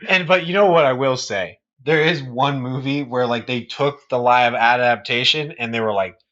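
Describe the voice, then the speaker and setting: A man co-hosting a podcast in casual chat, an animated storyteller who acts out scenes and swears freely. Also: mid-range voice, moderate pace, dull audio. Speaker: podcast co-host.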